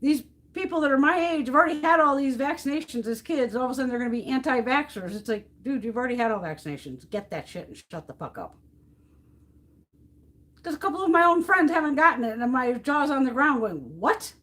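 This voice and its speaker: A woman's voice: sits high, lively intonation, fast talker, a bit bright. A middle-aged American woman hosting a makeup livestream, chatting casually and ranting bluntly with plenty of swearing. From United States. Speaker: beauty livestream host. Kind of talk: casual chat while depotting makeup.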